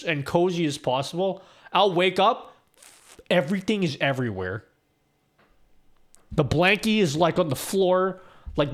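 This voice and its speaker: A man's voice: a little high, fairly bright tone. Laid-back, swearing young man streamer. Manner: laid-back and profane, rambling with restarts and laughs. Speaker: live streamer. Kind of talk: casual live-stream chat, reading chat aloud.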